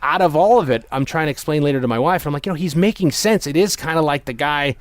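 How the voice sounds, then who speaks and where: A man's voice: on the high side, fast, no room sound. Rambling young man, dry sound. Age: young adult. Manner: rambling storyteller with many restarts. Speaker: podcast host. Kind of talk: casual chat.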